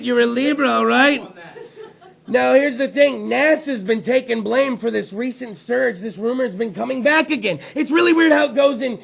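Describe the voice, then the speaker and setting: A man hosts a live internet talk show in a crude, joking, loud manner. His voice sits very high and carries heavy gravelly fry throughout. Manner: loud, crude, jokey, swings into a soft low put-on voice.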